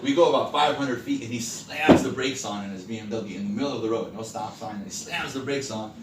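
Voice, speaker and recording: A man's voice: mid-range voice, brisk. A man who works as a sales coach, telling stories in a conversational way and quizzing a live group during a training session. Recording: echoey room, distant mic, background noise.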